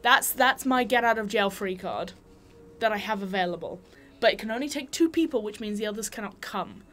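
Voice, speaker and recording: A woman's voice: mid-range voice, a little fast, a bit bright. A woman playing a tabletop game, blunt and jokey with plenty of swearing. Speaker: player. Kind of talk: tabletop game role-play.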